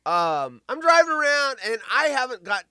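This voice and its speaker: A middle-aged man hosts a live talk show in a bright, lively voice that swings from loud bursts to mumbled asides. His delivery rambles and is full of swearing, recorded close and dry. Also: very high voice, moderate pace, clean tone, no room sound. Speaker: podcast host. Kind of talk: casual live-stream chat.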